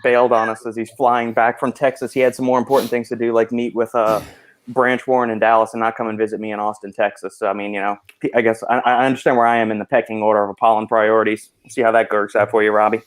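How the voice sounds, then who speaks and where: A man's voice: on the low side, flat delivery, quick pace. A man hosting a podcast in a joking, teasing way, often breaking into laughter. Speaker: podcast host. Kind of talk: casual podcast chat.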